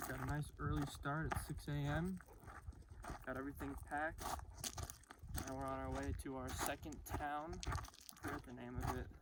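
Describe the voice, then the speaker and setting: A young man narrating his hiking trip in a relaxed, upbeat, chatty way, filmed outdoors on a mountain trail with a handheld camera. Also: on the high side. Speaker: hiker filming his own trip. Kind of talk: casual vlog narration. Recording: noisy outdoor camera audio.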